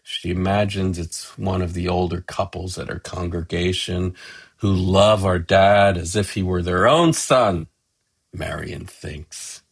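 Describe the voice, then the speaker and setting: A middle-aged man narrating a gentle, affectionate family story as a tribute to his father. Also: sits low, unhurried, vocal fry, husky. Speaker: son telling a family story.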